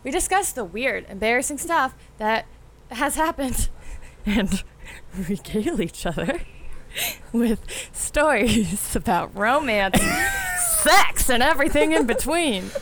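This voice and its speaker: A woman's voice: on the high side, sing-song, slow, fairly bright tone, a little hiss or hum. A woman co-hosting a casual podcast, giggly and nervous, recorded in a bedroom. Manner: giggly, nervous, keeps breaking into laughter. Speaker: podcast co-host.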